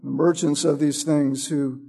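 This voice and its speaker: A man preaching a sermon, teaching from a Bible passage with a slow, emphatic, drawn-out delivery. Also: a little high, flat delivery, gravelly, mellow, slightly rough.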